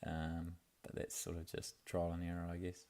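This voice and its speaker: A man's voice: sits low, monotone, normal speed, warm tone. A young man, talking in a laid-back, rambling way for his video diary, full of fillers and restarts. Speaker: vlogger.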